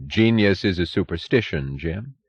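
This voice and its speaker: A man reading an audiobook, voicing a cynical middle-aged scientist who speaks lazily and slowly with pointed emphasis. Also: low voice, animated, husky, dull audio. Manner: lazy, slow, pointed emphasis.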